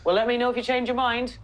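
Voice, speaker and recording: An actress playing a joking Irish woman who works as an English tutor, talking in quick, self-mocking banter. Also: a little high, muffled recording, a little hiss or hum, lightly acted. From Ireland. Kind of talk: comedy drama acting.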